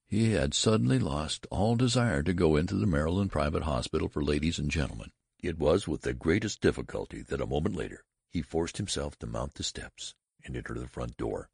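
Male audiobook narrator, very deep voice, lively delivery, husky, dry close sound. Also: dry recording. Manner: expressive, dramatic. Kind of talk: audiobook reading of a classic story.

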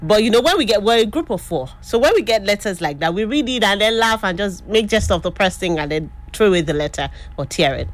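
A woman's voice: medium pitch, quick pace, hardly any pauses. A young woman with a Nigerian accent, co-hosting a casual chat and telling stories with lots of laughter. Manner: animated storyteller, laughs often. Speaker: co-host.

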